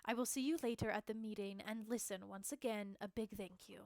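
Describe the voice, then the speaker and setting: A woman's voice: medium pitch, steady tone, a little fast, creaky, very noisy, lightly acted. A woman streamer reading aloud the lines of a shaken but determined young woman rider from a game, putting on an accent. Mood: tired. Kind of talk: dramatic game dialogue read-aloud.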